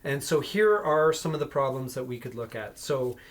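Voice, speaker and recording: A man running a board game as game master, explaining rules with many pauses and self-corrections. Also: medium pitch, animated.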